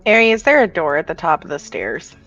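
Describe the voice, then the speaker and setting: A woman's voice: sits low, big pitch swings, a little fast, fairly bright tone, soft background music. A woman at a tabletop game, dry and a bit exasperated with her friends. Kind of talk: casual game table chat. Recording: dull lo-fi mic.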